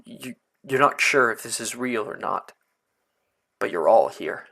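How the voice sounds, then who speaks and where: Man, game master, slow, halting, narrating a tabletop game. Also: mid-range voice, expressive, gravelly, bright, forceful tone, husky. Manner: slow, hesitant narration with many fillers.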